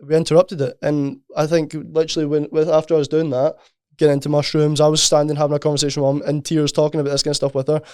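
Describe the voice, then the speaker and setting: Man, podcast co-host, rapid earnest talk, level delivery, smooth clear voice. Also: a little high, completely flat delivery, darkish tone, no echo, clean studio sound. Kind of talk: casual podcast conversation.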